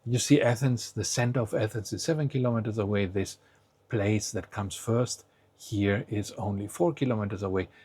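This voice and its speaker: Husky-voiced man teaching patiently. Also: fairly low pitch, normal speed, a little mellow. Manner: patient, prompts the learner to try each word first. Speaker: language teacher. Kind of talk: explaining a lesson to the viewer.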